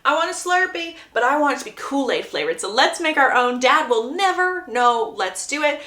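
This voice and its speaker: A woman's voice: sits high, expressive, normal speed, pushed and bright, voice pushed up. A woman voicing an eager, scheming teenage boy. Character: cheeky mischievous teenage boy. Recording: roomy echo.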